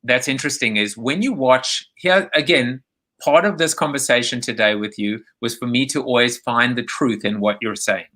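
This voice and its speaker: A man's voice: medium pitch, moderate pace, bright, forceful tone. A man hosting a live video chat show, joking and rambling as he reads out viewer comments over a video call.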